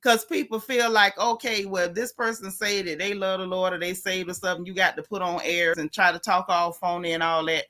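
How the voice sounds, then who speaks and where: A woman hosting a casual livestream, talking frankly and warmly about faith and loss while greeting viewers by name. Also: on the low side, steady tone, a little fast, hardly any pauses. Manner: chatty, greets viewers by name between thoughts; frank, heartfelt, faith-filled talk. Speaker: livestream host.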